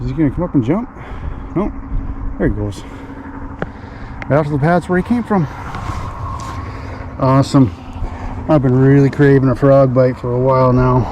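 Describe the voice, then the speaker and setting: An excited fishing vlogger with a mid-range voice chats to the camera from a boat on a lake, talking to himself as he fishes in casual outdoor narration. Wind hits the mic and outdoor noise is audible.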